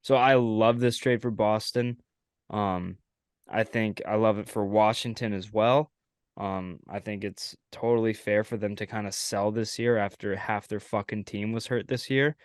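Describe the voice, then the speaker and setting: A man hosting a casual sports podcast, relaxed and talking with fillers. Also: lowish voice, normal speed, clear, resonant tone, no echo, studio quality. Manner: relaxed, fillers, laughs along. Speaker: host.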